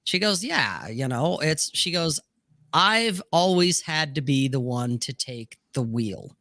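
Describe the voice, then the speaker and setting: Brash, bright-voiced man telling a candid story. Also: on the high side, animated, slow, no room sound. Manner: candid, profane anecdote with frequent "you know". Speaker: podcast co-host. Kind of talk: casual storytelling on a podcast panel.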